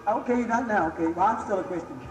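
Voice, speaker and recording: High-voiced man lecturing in an echoey hall. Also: quick pace. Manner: emphatic, keeps checking in with the audience. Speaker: religious teacher lecturing an audience. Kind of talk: live lecture with audience questions. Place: large hall before an audience. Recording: echoey hall, faint music.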